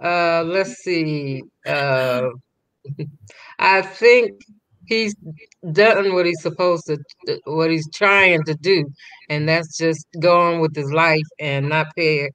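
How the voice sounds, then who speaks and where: Woman, co-host, casual chat, slow, lowish pitch. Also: steady tone, fairly bright tone.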